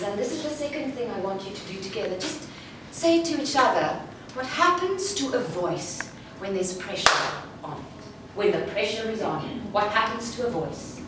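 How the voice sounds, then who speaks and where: Female voice coach, measured demonstrative workshop delivery, recorded from afar in a noisy, reverberant hall. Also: on the high side. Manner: slow, deliberate, demonstrative delivery. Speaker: speaker and voice coach. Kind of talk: live workshop talk. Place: large room before a live audience. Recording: echoey hall from far off with room noise.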